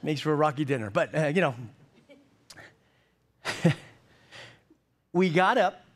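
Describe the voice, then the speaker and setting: A man in his fifties preaching to a congregation with a voice a touch higher than most men's. He talks in a folksy, joking way, often doubling back and repeating words before he lands a point. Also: expressive, slow. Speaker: pastor. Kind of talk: sermon.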